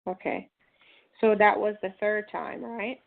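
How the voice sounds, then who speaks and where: A woman interviewer gently probes with follow-up questions. Her voice sits in a middle register. The sound is narrow and tinny, like a phone line. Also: medium pitch, steady tone, measured pace, gravelly.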